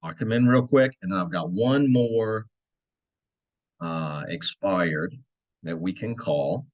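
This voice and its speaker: A man's voice: low-pitched, takes it slowly, muffled recording. A man who works as a real estate agent, walking listeners through cold-calling habits in a coaching tone and checking in with frequent "right?" asides. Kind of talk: instructional walkthrough.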